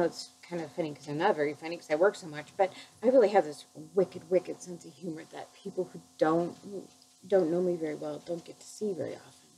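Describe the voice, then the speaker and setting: A middle-aged woman, a chemical dependency counselor, telling her personal recovery story in an earnest, halting, heartfelt way. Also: medium pitch, vocal fry, mellow, a little hiss or hum, low-quality recording.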